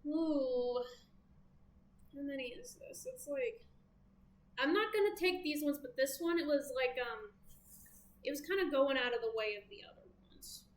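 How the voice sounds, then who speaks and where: Speaking at a moderate pace in a high-pitched voice, a Southern American tarot reader keeps her reading relaxed and talkative, sprinkling in playful side comments. There's an echo in the room and a faint hum of noise behind her.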